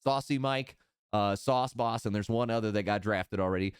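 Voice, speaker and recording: A man hosting a live-streamed draft, announcing picks in a relaxed, upbeat way. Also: on the low side, moderate pace, clear, resonant tone, no room sound, clean studio sound. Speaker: draft host.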